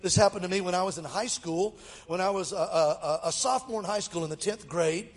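Fairly quick and high-pitched, the middle-aged guest preacher from Mobile, Alabama, US, tells a comic story during his sermon. He stays lively and jokes with the audience, and a large hall lends long reverb.

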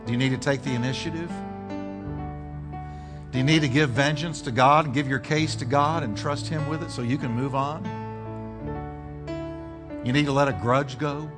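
A middle-aged man preaching as a pastor, with sweeping swings in pitch and emphatic build-ups. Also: steady tone, normal speed, pauses often, over music. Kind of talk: sermon. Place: church sanctuary.

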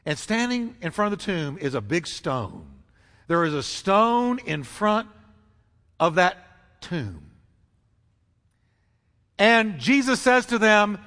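A man preaching a sermon as pastor, emphatic and dramatic, repeating phrases and swinging his pitch for effect. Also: sing-song, slow pace, long pauses, pushed and bright. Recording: long reverb of a large hall.

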